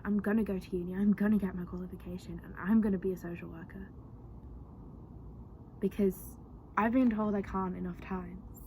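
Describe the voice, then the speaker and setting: A woman's voice: mid-range voice, creaky, slight background noise. A young woman in a personal vlog, telling her story in a chatty, earnest way with lots of fillers. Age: young adult.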